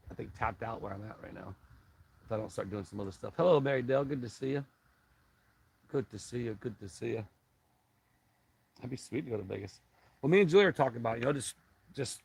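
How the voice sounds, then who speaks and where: A man's voice: mid-range voice, low-quality recording. Rambling man chatting on a live stream. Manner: rambling, halting, reads viewer comments aloud. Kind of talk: casual live-stream chat with viewers.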